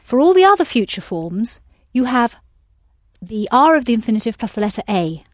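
A woman's voice: fairly high pitch, very animated, moderate pace, no echo, clean studio sound. A woman teaching a language lesson, patiently prompting her students with questions.

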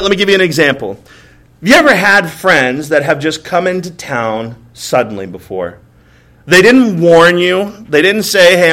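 A man's voice: fairly high pitch, bright, forceful tone. A male pastor preaching a sermon in a church, telling humorous stories and acting out bits of dialogue, often checking in with "right?". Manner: humorous storytelling with acted-out dialogue; asks the crowd "right?" often.

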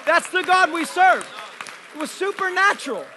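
A male pastor telling testimony stories in a sermon, excitable and animated, tumbling over his own words as he goes. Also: very high voice, a crowd in the background, background noise. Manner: excitable, animated storyteller with fast restarts. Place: church service.

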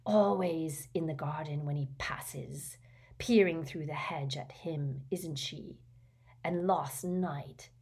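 A woman plays a deranged young man, cruel and gleeful, half whispering as he taunts his sister. The hiss and crackle in his voice sound unsettling. A low-pitched storybook villain. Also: slow, slightly rough, full character voice. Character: unhinged vicious young man, hissing and gleeful.

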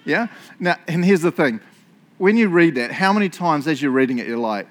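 A man preaching a lively sermon, laughing often and acting out the characters' voices. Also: on the high side, moderate pace. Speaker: pastor.

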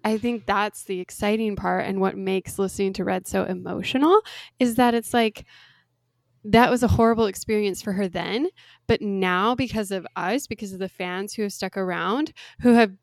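Young woman, casual podcast chatter, gravelly edge, dry close sound, filler-heavy. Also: medium pitch, moderate pace, dry recording. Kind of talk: casual chat.

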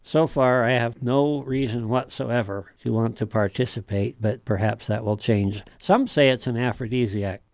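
A man's voice: mid-range voice, fairly even intonation, moderate pace, hardly any pauses, a little mellow, no echo. A man hosting a casual chat, reading notes aloud with wry asides and frequent laughs. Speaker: host.

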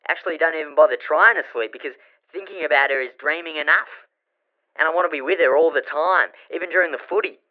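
A man's voice: on the high side, quick pace, natural voice. A man with an Australian accent playing a brash, lovesick male radio caller. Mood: earnest. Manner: blokey, pushy, earnest. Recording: tinny phone line.

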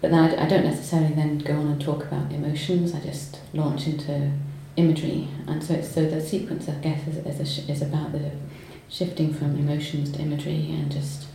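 A low, mellow-voiced woman speaks hesitantly, stopping and restarting as she explains her work, then reads poetry aloud. The room is strongly echoey, with faint noise behind her. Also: little pitch movement, a little fast, hardly any pauses. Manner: hesitant, lots of ums and restarts when talking. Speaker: poet guest. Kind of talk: conversational interview and poetry reading. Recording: roomy echo, faint noise.

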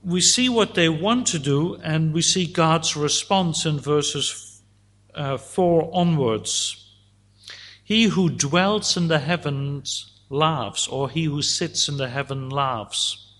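Slow-speaking preaching man. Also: a little high, a bit bright. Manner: slow deliberate Bible teaching, voicing God's words. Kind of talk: sermon.

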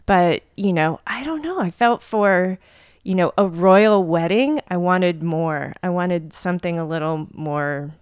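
A woman co-hosting a casual chat, reacting in a lively, emphatic way. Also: fairly low pitch, measured pace, clean tone, no room sound, clean studio sound. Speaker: podcast co-host.

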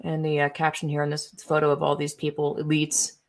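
Young woman, low-ish voice, casual ranting commentary, indignant, profane, rambling. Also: monotone, a little fast. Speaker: political commentary streamer. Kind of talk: casual ranting commentary while browsing posts.

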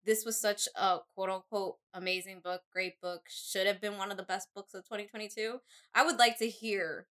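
A woman's voice: medium pitch, steady tone, normal speed, a bit bright. A woman co-hosting a casual book-club podcast, speaking bluntly, laughing and swearing casually. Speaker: podcast co-host.

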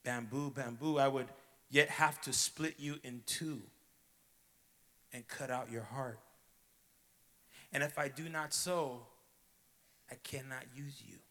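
A man voicing a grave, loving master of a garden, speaking slowly and quietly. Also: medium pitch, big-room sound. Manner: slow, solemn, quiet.

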